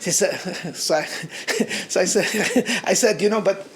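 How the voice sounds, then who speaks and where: A middle-aged man with an American accent, a rabbi telling stories to a gathering in an animated, halting way, with many restarts and chuckles. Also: sits high, a little hiss or hum. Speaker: rabbi giving a talk. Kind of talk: storytelling talk at a gathering.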